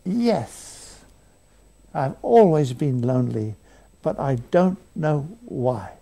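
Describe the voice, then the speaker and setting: Older guy telling stories on a talk show, raspy gritty voice, kinda high, self-mocking. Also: big pitch swings, slow, mellow. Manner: rambling, self-mocking anecdotes with chuckles. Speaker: interview guest. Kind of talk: conversational interview. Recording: archive broadcast.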